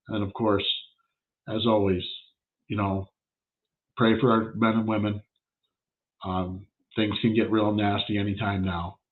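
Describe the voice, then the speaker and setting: A man hosting his own show, telling a story in a blunt, plain-spoken casual monologue. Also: fairly low pitch. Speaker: podcast host, shop owner. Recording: tinny phone-like sound.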